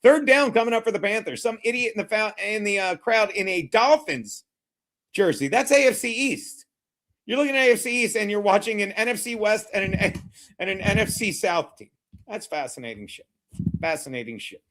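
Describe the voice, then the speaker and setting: A man with a high, light voice hosts a live football watchalong. He rambles between chat and play-by-play, brash and mocking, and swears freely. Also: brisk, fairly bright tone. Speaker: live stream host. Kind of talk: profane live sports watchalong commentary.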